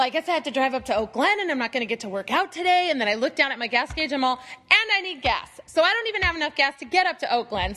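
A woman's voice: high voice, big-room sound. A woman in her thirties or forties telling a funny personal story to a Bible study group, acting out her own grumbling and asides. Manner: animated, self-mocking storytelling with acted-out asides.

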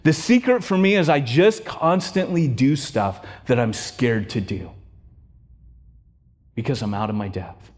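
A middle-aged man preaching a sermon, telling stories with acted-out voices and swinging from loud to hushed. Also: mid-range voice, animated, a little slow. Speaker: pastor.

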